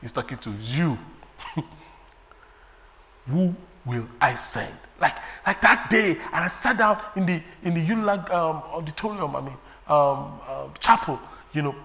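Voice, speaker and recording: Bright-voiced, animated man preaching. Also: a little high, measured pace, vocal fry. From Nigeria. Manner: lively preaching with laughs and sung refrains. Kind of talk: sermon.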